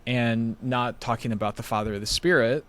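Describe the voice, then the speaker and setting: A man's voice: mid-range voice, fairly even intonation, brisk, fairly bright tone. A man as a podcast guest, explaining ideas in careful conversational talk with frequent fillers. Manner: explains carefully with many "you know" fillers. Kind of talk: conversational theological discussion.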